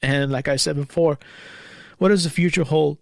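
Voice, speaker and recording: A man's voice: a little high, fairly even intonation, moderate pace, creaky, no echo, clean studio sound. A man hosting his own podcast, talking alone in an anxious, bitter way and swearing often. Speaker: podcast host. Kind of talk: solo podcast monologue.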